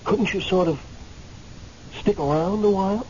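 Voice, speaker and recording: A man's voice: sits high, a little slow, mellow. An actor playing a man who has just died and lingers in limbo, hesitant and stammering at times, then impassioned, in a radio drama. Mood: earnest, agitated. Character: newly dead man, angry, pleading. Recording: muffled radio recording, faint hiss.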